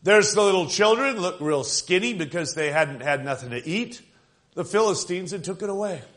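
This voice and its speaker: An older man preaches a revival sermon in a high-pitched voice. He builds to fervent peaks and slips into acted quotes of the people in his story. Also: fairly bright tone.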